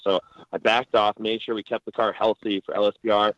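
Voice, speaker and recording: A low-pitched man recounts his racing seasons in loose, self-deprecating anecdotes. His voice comes through a dull, lo-fi line with no room sound around it. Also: little pitch movement, brisk, a bit bright, no echo. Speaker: rally driver. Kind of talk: casual interview storytelling.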